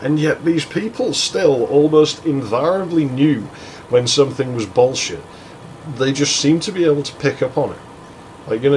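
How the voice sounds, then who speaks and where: A man's voice: mid-range voice, a little hiss or hum, poor audio. A man hosting a let's play, rambling in sardonic, sweary commentary. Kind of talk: rambling commentary over gameplay.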